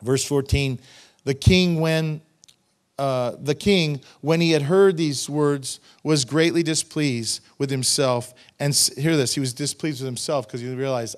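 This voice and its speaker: Animated man preaching a sermon. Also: on the high side, normal speed. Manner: emphatic, conversational asides to the congregation. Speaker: pastor. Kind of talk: expository sermon reading scripture with commentary. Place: church sanctuary.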